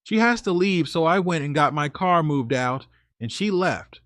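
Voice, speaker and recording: A man telling a true story in the first person, relaxed and chatty, with a slightly high voice. He speaks straight to his listeners. The sound is dry and close, with no room echo. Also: moderate pace. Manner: casual, conversational, talks to listeners as "guys".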